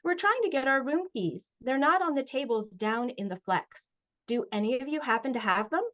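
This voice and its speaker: A woman's voice: sits high, lively intonation, moderate pace, a bit bright, pitched above the performer's own voice. A woman voicing a bubbly teenage girl at summer camp, reading aloud from a book over a dull, lo-fi video call. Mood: polite.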